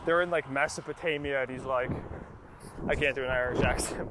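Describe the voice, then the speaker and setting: A man's voice: medium pitch, steady tone, brisk. A young man tells a loose, profane movie recap, full of fillers and shrugging dismissals. He is recorded outdoors, with wind buffeting the mic and traffic noise plainly audible behind him. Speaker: podcast host. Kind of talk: casual rambling movie recap.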